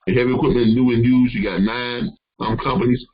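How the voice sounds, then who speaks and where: A man's voice: medium pitch, fairly even intonation, brisk, muffled recording, a crowd in the background. A man hosting a live question-and-answer call, giving casual advice in a rambling way with many fillers and restarts. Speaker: host answering caller questions.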